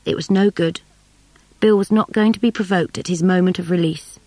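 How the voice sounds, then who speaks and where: A woman reading a novel aloud in a measured storytelling manner. Her voice sits fairly low, and the recording is dry and close. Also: steady tone, a little mellow, no room sound, poor audio. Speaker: audiobook narrator. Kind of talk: scripted narration.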